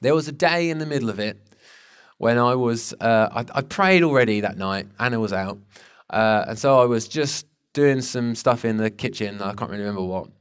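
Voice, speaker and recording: A man's voice: medium pitch, lively intonation, moderate pace, clean tone. A man in his thirties preaching a sermon, telling a personal story in an earnest, conversational way with frequent restarts. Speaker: pastor.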